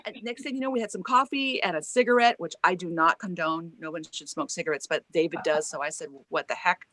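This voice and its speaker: A woman singer telling an animated story as an interview guest, acting out quoted voices and tagging lines with "right?". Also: lowish voice, brisk, no echo. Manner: lively storyteller who acts out quoted voices and laughs often; chatty, many "like" and "right?" tags.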